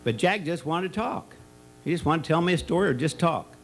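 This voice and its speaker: A man's voice: fairly high pitch, animated, fairly quick, slight background noise, low-quality recording. A man giving a folksy, rambling speech at a retirement party. He tells stories and jokes about a former school colleague and often stops to restart his sentences. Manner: rambling storyteller who tells jokes with many restarts and fillers. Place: party or banquet room.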